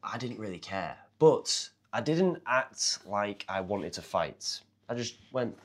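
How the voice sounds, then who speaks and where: Lower-pitched man telling a story. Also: slow, few pauses. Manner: animated retelling, acting out quoted people. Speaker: martial arts fighter and confidence coach. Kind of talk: casual storytelling to camera.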